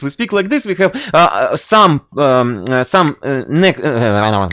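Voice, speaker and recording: A man's voice: medium pitch, sing-song, unhurried, few pauses, fairly bright tone, no echo, clean studio sound. A man from Russia with a Russian accent, hosting a casual podcast in English, hesitant and full of fillers and restarts. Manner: hesitant, many fillers and restarts, laughs often. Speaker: podcast host.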